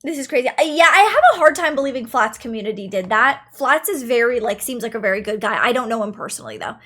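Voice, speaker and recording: A woman with a high, light voice talks to her stream chat in a loose, chatty way. She circles back on her own phrases and repeats them for emphasis. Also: animated, fast talker, fairly bright tone. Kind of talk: casual stream commentary.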